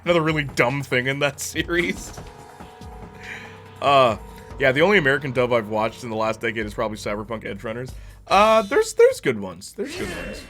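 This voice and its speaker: A man's voice: mid-range voice, wildly swooping pitch, a little fast, a bit bright, faint music behind. A young man chatting casually as a streamer while reacting to a movie, rambling and slangy, laughing often.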